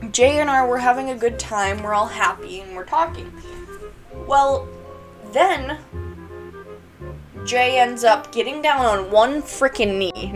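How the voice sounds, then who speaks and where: A woman telling a storytime vlog in a chatty, giggly way, laughing between phrases. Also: a little high. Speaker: YouTuber.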